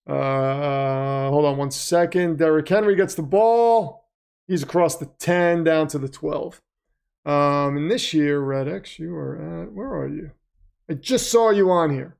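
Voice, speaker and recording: A middle-aged man hosts a casual livestream, rambling between chat messages, donation shout-outs and quick play-by-play calls. His voice is somewhat high for a man and carries a gravelly, creaky edge. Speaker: livestream host.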